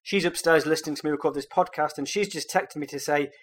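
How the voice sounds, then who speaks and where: A man's voice: fairly high pitch, fast. A man from England hosting a podcast, trading dry, joking banter. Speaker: podcast host. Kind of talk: casual comedic chat.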